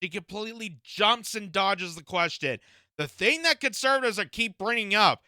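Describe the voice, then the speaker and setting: A Canadian political commentator gives indignant reaction commentary, firing off rhetorical questions with frequent fillers. His high-pitched voice is animated, bright and forceful, at a normal speed, recorded with studio quality and no room sound.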